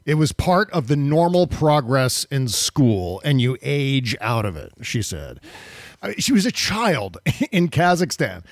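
A man's voice: medium pitch, big pitch swings, a little slow, no room sound. A man hosting a political podcast, sarcastic and profane, on a close studio mic. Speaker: podcast host. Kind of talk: casual political commentary.

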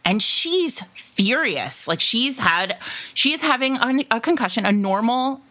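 Podcast lady gushing about a romance book, bright sharp voice, bouncy pitch, laughs a lot. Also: measured pace. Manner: animated, laughs often, acts out dialogue. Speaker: podcast co-host. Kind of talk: casual book discussion.

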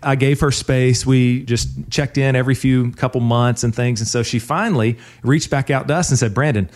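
A man's voice: medium pitch, fairly even intonation, normal speed, a little mellow. A man who is a financial advisor, hosting a radio talk show and telling a client story in a friendly, casual way with easy laughs.

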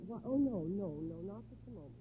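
A woman's voice: mid-range voice, lively intonation, fairly quick, phone-quality sound, lightly acted. An actress playing a gracious woman close to her divorce, in 1950s radio drama style, with a polite, reserved manner. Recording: hissy 1950s radio broadcast.

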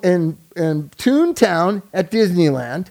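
A man's voice: sits high, sing-song, takes it slowly, gravelly, darkish tone. A man in casual chat, telling a story animatedly and acting out the people in it.

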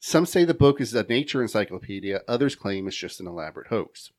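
A man's voice: on the low side, very animated, fast talker. Man reading notes on a podcast. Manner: reads research aloud, laughs between lines. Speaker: podcast host.

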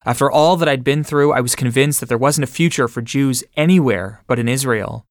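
A man reading a first-person memoir aloud in a measured way. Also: mid-range voice, no room sound, studio quality. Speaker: audiobook narrator.

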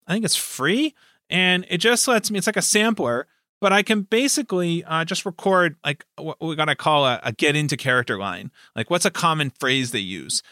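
A man's voice: a little high, expressive, normal speed, sharp tone, no room sound, studio quality. A man who runs tabletop games, chatting casually and rambling with lots of fillers. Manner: rambling, many fillers and restarts. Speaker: game master and podcast host. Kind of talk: casual chat.

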